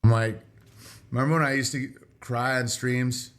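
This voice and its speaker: A man talking on a livestream, rambling and halting as he reads out viewer letters. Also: medium pitch, steady tone, fairly bright tone. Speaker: streamer reading viewer letters. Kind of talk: livestream monologue.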